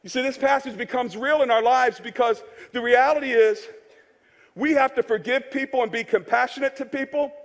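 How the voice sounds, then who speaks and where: Pastor guy preaching, jokey and chatty, really high voice, long echo like a big church hall. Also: steady tone, a little fast. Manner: conversational, joking, repeats key phrases for emphasis. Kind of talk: sermon. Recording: long reverb of a large hall.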